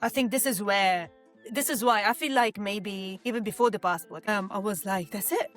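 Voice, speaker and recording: A woman in her thirties from Lebanon, a scenic designer speaking as an interview guest in a reflective, halting way, often restarting sentences. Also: medium pitch, fairly bright tone, faint music behind. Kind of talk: candid conversational interview.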